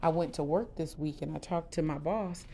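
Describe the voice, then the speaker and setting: A middle-aged woman hosting a podcast, telling her personal story candidly in a casual, expressive way with lively quoted asides. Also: sits low, normal speed, a little hiss or hum. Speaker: podcast host.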